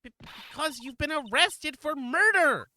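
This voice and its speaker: Woman reading a flustered young male lawyer, low-key own voice. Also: sing-song, moderate pace, sharp tone, a little hiss or hum. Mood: earnest. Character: young male defense attorney, earnest.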